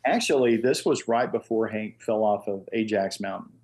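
A man's voice: on the low side, moderate pace, a little hiss or hum. An older man, a guest, telling stories in a casual chat and acting out the voices of people he quotes. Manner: animated storyteller who acts out quoted voices. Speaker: guest, master engraver. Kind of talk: casual storytelling.

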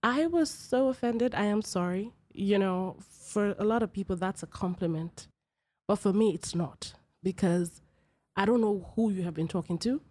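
A woman's voice: medium pitch, fairly even intonation, moderate pace, dark tone, dry recording. A woman from Nigeria hosting a personal podcast, talking emphatically and repeating phrases for effect. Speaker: podcast host.

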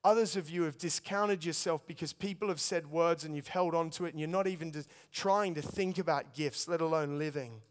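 A man's voice: fairly high pitch, brisk, hardly any pauses. Earnest man preaching in a reverberant hall. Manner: storytelling, earnest, addresses listeners as guys. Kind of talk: sermon testimony.

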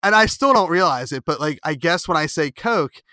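A man's voice: a little high, lively intonation, moderate pace, sharp tone, no room sound, studio quality. A man with a Philadelphia accent hosting a casual interview, rambling with many fillers and restarts, with a slightly nasal O. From Philadelphia area. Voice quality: nasal O vowel. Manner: rambling, many fillers and restarts, laughs while telling stories. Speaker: podcast host.

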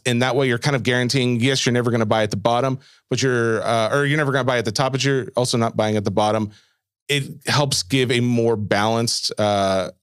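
A man co-hosting a podcast in casual chat, reading listener mail aloud and answering in a relaxed way. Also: medium pitch, smooth, dry recording, clean studio sound. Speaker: podcast co-host.

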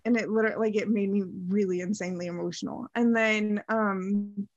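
A woman's voice: mid-range voice, fairly even intonation, brisk, no room sound. Woman, podcast co-host, casual chat, effusive, lots of "like", dry lo-fi recording. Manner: effusive, heavy use of "like". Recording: dull lo-fi dry sound.

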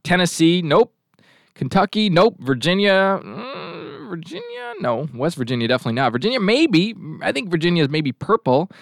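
A man's voice: a little high, sing-song, fairly quick. A male talk show host giving a rambling, sarcastic commentary monologue and throwing asides to his crew. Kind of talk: casual political commentary monologue.

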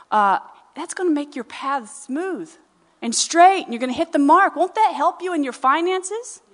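A woman's voice: a little high, a bit bright. Woman teaching scripture with hall reverb. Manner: reads scripture and definitions aloud, explains them conversationally. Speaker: Bible teacher. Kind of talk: Bible teaching.

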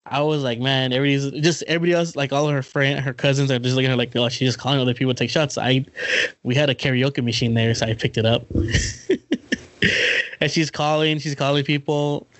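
A man's voice: mid-range voice, fairly even intonation, fast, dry recording. A young man from Los Angeles, co-hosting a podcast in casual chat, telling stories with lots of swearing and laughter. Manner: profane, laughs often, storytelling. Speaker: podcast co-host.

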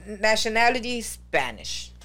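A woman's voice: on the high side, sing-song, normal speed, pushed and bright. Woman raised in Germany, podcast guest; easygoing talker who laughs and stumbles over words. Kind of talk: casual chat.

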